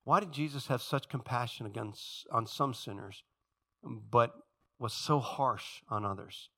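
A man's voice: medium pitch, a little slow. A man preaching a sermon who tells the stories vividly and acts out the voices of the people in them. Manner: animated storytelling, acts out quoted voices.

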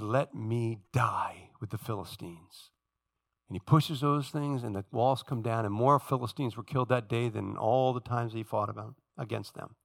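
A man's voice: medium pitch, vocal fry. A male pastor preaching a sermon to his congregation, telling Bible stories and acting out the characters' lines, often checking in with the church. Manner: storytelling, acting out biblical figures' lines; addresses congregation directly.

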